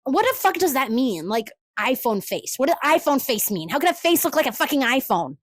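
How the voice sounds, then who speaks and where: High, lively woman ranting. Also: a little fast, no echo, rough recording. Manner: profane, exasperated, sarcastic. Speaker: podcast host. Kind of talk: ranting solo podcast monologue.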